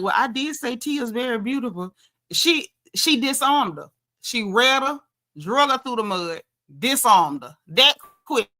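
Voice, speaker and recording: Woman host, bright voice pitched a bit high, animated gossipy recap delivery. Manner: animated, gossipy, quotes people in lively asides. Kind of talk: casual recap chat.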